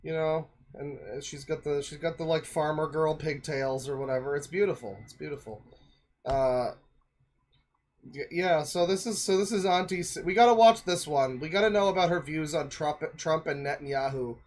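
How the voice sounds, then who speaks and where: A man's voice: fairly high pitch, normal speed. Rambling, joking male streamer. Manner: rambling, joking, many fillers. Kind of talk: casual reaction commentary.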